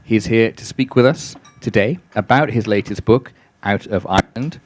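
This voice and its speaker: A man's voice: lowish voice, normal speed. A man hosting a club lunch, giving a formal introduction of the guest speaker with a few uhs. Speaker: event host introducing the speaker.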